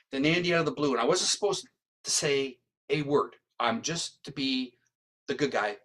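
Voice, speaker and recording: A man, a guest psychic medium and criminal profiler, telling a story in an interview and often tagging his lines with "right?". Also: medium pitch. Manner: animated retelling, tags lines with "right?".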